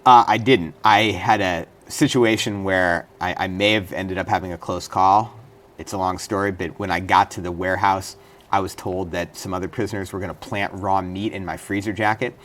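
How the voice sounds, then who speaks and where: A middle-aged man speaks as an interview guest in a very deep voice. He tells his story earnestly and in detail, now and then restarting a phrase. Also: steady tone, normal speed, a bit bright, slight background noise. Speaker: interview guest, former state senator and prisoner. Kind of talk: studio interview.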